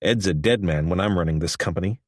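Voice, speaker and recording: A man's voice: sits low, fast, dry recording, studio quality. A man doing a blunt, ambitious executive. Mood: cold.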